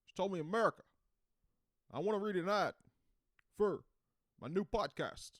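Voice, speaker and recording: Man doing a pausey, grandstanding president bit, pushed high and loud. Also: dry recording, clean studio sound. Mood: mock-presidential. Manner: halting, pausey delivery with repeated "listen". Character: mock Obama impression, adult man, grandstanding.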